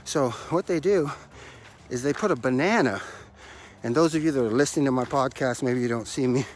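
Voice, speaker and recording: A man's voice: medium pitch, fairly quick. A man hosting a motivational podcast as a life coach, out of breath from running stairs, talking emphatically and repeating his key phrases like a preacher.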